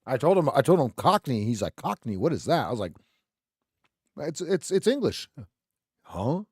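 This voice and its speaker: A man's voice: mid-range voice, fast talker, husky, dry recording, clean studio sound. A middle-aged man hosting a live trading stream, chatting casually and joking between calls on trades. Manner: chatty, jokey, excitable over trades.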